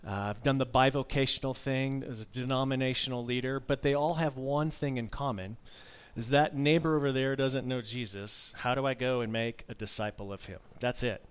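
A middle-aged man in his fifties delivering a sermon at an ordinary pitch. He talks like he is chatting with the congregation, mixing candid personal storytelling with casual asides. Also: steady tone, normal speed, hardly any pauses, clear, resonant tone. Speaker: preacher.

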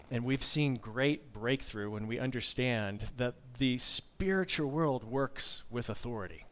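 A man in his fifties preaching a sermon, telling a personal story in a candid, conversational way with frequent asides. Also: medium pitch.

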